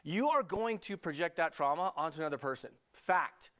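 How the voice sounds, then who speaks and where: A middle-aged man talks in a TV studio interview, rambling eagerly through his points with plenty of fillers. His voice sits a little on the high side. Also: a little fast. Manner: animated, rambling with many fillers. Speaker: love coach, guest.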